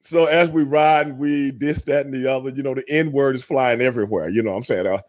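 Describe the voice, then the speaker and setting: An older man telling a story in casual chat, animated, acting out quotes and cursing freely. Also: mid-range voice, fairly quick. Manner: animated, acts out quotes, curses freely, laughs. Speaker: storyteller guest, former wrestler.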